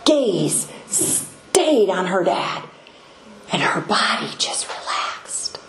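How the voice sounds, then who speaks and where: Older woman sharing a devotional story, slow and hesitant; roomy echo, faint background noise. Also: lowish voice, sing-song, a bit bright. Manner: unhurried, hesitant, many pauses. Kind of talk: devotional talk. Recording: echoey room, faint ambient noise.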